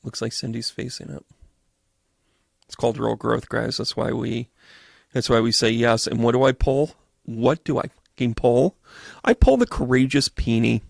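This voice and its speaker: A male medium doing a live tarot reading talks to viewers in a gravelly, fry-edged, medium-pitched voice. He's animated and profane, swearing freely and acting out quick voices, and the sound is dry and close with no echo.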